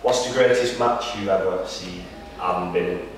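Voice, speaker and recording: A man's voice: deep voice, normal speed. A man asking brief, joking interview questions to a wrestler. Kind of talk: casual interview. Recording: echoey room from far off.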